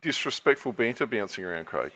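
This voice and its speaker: A man's voice: fairly low pitch, big pitch swings, fairly quick, fairly bright tone, muffled recording. A man hosting a livestream, teasing his guest and reading out viewers' comments. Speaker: livestream host. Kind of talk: casual livestream chat.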